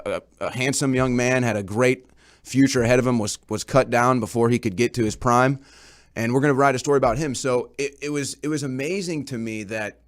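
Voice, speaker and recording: A man reporting on a talk show, casually recounting events in a rambling way and often repeating his words. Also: medium pitch.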